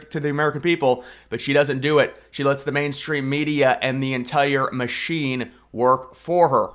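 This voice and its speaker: A man's voice: mid-range voice, fairly bright tone. A young man giving casual political commentary in a mocking, sarcastic way, often restarting his sentences.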